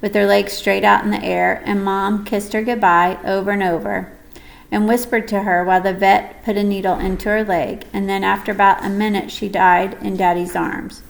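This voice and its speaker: A woman reading a first-person audiobook story in a gentle, measured way. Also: medium pitch, level tone, creaky, low-quality recording. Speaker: audiobook narrator.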